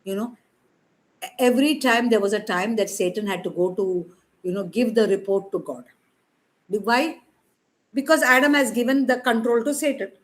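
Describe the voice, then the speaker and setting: A woman's voice: on the high side, moderate pace, long pauses, poor audio. Woman, preacher, conversational sermon, emphatic, rhetorical questions. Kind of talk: informal sermon.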